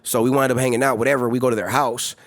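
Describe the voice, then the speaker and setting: A man's voice: mid-range voice, fairly even intonation, rapid-fire, fairly bright tone, no echo, clean studio sound. A man from the Los Angeles area, a podcast guest telling stories in a casual way with lots of profane street slang. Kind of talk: casual storytelling.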